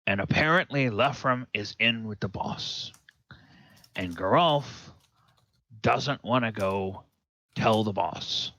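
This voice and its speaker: A man's voice: fairly low pitch, slow pace, long pauses, pushed and bright, heavily acted. A man voicing a proud, surly demonic male taskmaster who gives stiff, indignant refusals. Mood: complaining.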